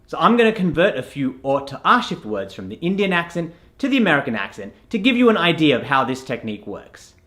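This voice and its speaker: Lively-voiced male accent coach. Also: fairly high pitch, quick pace, few pauses. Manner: clear, instructive, spells out sounds letter by letter. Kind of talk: instructional lesson.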